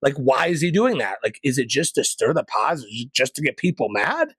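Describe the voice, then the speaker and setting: A man hosting a podcast, ranting sarcastically in a casual monologue and jumping to loud, high peaks. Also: big pitch swings, brisk, slightly rough, no room sound. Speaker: podcast host.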